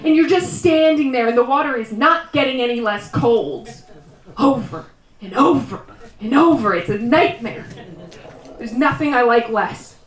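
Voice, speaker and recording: A woman from Canada performing a live stand-up comedy set, chatty and rambling, with quick asides and mock complaints. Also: on the high side, lively intonation. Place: live show at a small guesthouse venue. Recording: roomy distant live room sound.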